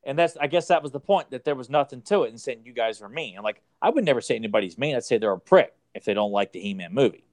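A man's voice: mid-range voice, expressive, quick pace, hardly any pauses. Guy co-hosting a podcast, voice jumps around a lot, teasing and rambling. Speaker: podcast co-host. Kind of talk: casual chat.

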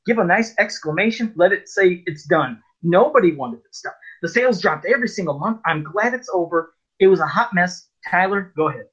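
A man's voice: high voice, lively intonation, fairly quick, a bit bright, breathy edge. Exasperated man on a dull lo-fi line. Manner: exasperated, rambling recap with fillers. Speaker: podcast co-host reviewing comics. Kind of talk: casual podcast chat. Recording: dull lo-fi sound.

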